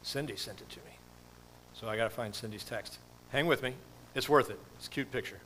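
A man's voice: medium pitch, brisk, fairly bright tone, slight background noise. A middle-aged man giving a sermon as pastor, in a casual, rambling way with many fillers and restarts.

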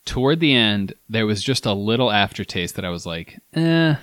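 A man co-hosting a casual wine tasting chat, deliberate, with dry jokes. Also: lowish voice, a bit bright, no echo. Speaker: co-host of a wine tasting show.

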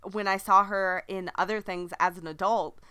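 A woman co-hosting a casual podcast chat, speaking in a giggly, relaxed way. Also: medium pitch, normal speed, clean tone, no room sound, studio quality. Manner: giggly, casual, says dude. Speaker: podcast co-host.

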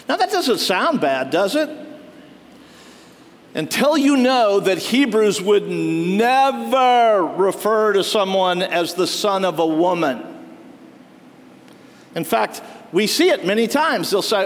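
Lively pastor in an echoing hall. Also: male voice, sits high, unhurried. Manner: animated storytelling, acting out quoted townspeople. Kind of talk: sermon. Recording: long reverb of a hall.

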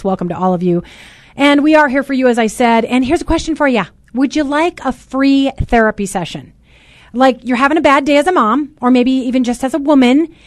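A loud, chatty woman hosting a casual talk radio show from a studio. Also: a little high, dry recording. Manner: loud and chatty, says so herself.

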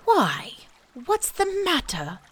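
Brief: cheerful little bear of very little brain, high and loud, voiced by a woman. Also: huge pitch swings, slow pace, breathy edge, full character voice. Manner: cheerful, puzzled. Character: kind, simple-minded young male bear.

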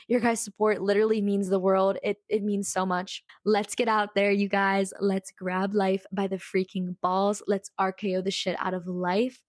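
A woman's voice: medium pitch, no echo. A young woman hosting her own podcast, talking earnestly and with heartfelt emphasis in a solo motivational monologue into a close microphone. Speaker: podcast host.

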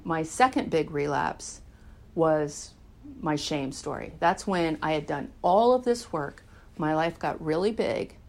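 A middle-aged woman giving a candid, animated personal recovery talk, swearing freely. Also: deep voice. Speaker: recovery speaker.

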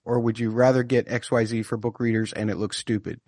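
Male podcast co-host, lower voice, casual and wry, filler-heavy, dry sound. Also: flat delivery, a little fast, darkish tone, dry recording. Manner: chatty, many fillers, wry.

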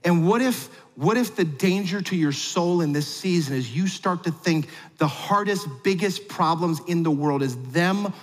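A man preaching a sermon, telling a family story with jokes and big swings between quiet and loud. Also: moderate pace, hardly any pauses. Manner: animated storyteller with big swings in pitch and loudness; humorous asides. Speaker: pastor. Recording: long hall reverb.

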